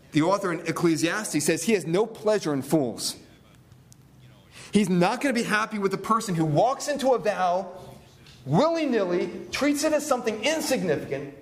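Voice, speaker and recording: A male pastor preaching a sermon, teaching scripture with rhetorical questions and repeated key phrases. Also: high-pitched.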